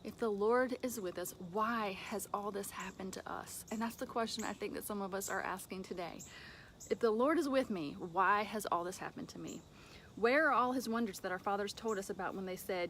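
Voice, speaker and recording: A woman giving an informal devotional talk from home, conversational, with fillers and soft laughs. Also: medium pitch, brisk, slight background noise. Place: home with a dog nearby.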